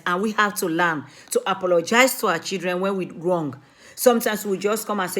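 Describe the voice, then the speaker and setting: A woman's voice: mid-range voice, brisk, a bit bright. A woman from Africa, a mother and community speaker, giving an earnest, emphatic talk that pleads with her listeners and repeats her main points.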